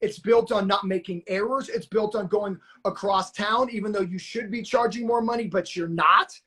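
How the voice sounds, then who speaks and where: A man hosting a live-stream coaching session, talking in an energetic, motivational, hype-man way. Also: sits high, moderate pace. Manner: pumped-up, hype-man, shouts "let's go". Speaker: notary training coach and live-stream host. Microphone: phone or webcam on a video live stream.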